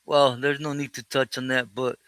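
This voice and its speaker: A man with a smooth, resonant voice hosts a casual live stream, reading out his chat and greeting each viewer by name. He drifts between English and Spanish and keeps thanking God. The sound is dry and close, with no room echo. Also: medium pitch, little pitch movement, moderate pace, a bit bright. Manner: thankful, often praises God. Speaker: livestream host reading chat.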